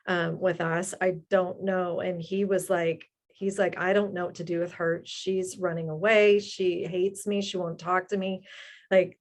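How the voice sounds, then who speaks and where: A middle-aged woman, a mother, telling her family's story in an earnest, halting way with fillers. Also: medium pitch. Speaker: guest, mother of the speaker. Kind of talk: personal testimony.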